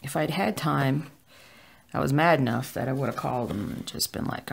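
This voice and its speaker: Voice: mid-range voice, sing-song, moderate pace, gravelly, breathy edge. A cross-stitch vlogger chatting casually at home while stitching, rambling with lots of filler words.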